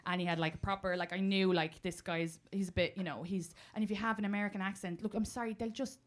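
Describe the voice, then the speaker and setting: A woman's voice: mid-range voice, fairly even intonation, fast talker. A young Irish woman doing stand-up crowd work on a club stage, brash and swearing, laughing through her punchlines. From Ireland. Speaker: stand-up comedian. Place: comedy club stage before a live audience. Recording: live club audio with loud crowd and noise.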